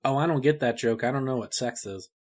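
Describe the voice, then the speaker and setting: A man's voice: medium pitch, quick pace. A man hosting a comedy podcast, joking playfully in casual banter. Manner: playful, joking, laughs easily. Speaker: podcast host.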